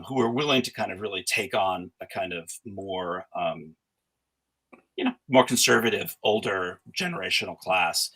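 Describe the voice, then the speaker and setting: A middle-aged man with a low, husky voice that still has a forceful, tense edge. He talks as an interview guest, measured and thoughtful, often stopping and restarting a thought before landing it. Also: rough recording. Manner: thoughtful, halting, many restarts and fillers. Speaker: guest scholar. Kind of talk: conversational interview.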